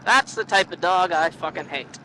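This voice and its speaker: A woman's voice: lowish voice, normal speed, bright, forceful tone, a little hiss or hum, low-quality recording. A woman riding a motorcycle, joking and swearing through casual ride commentary into a helmet mic. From Canada. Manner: joking, profane and rambling. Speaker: motorcycle vlogger. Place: outdoors riding a motorcycle on country roads.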